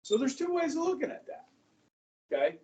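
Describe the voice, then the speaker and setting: A high school government teacher in his fifties lecturing a class in a chatty way, often checking in with the students. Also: wildly swooping pitch, fairly quick, darkish tone. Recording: echoey classroom from far off.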